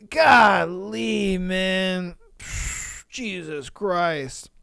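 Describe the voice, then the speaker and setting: A man's voice: high-pitched, smooth, no echo, studio quality. A man hosting a podcast, reading listener stories aloud and reacting with profane, incredulous comments. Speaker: podcast host.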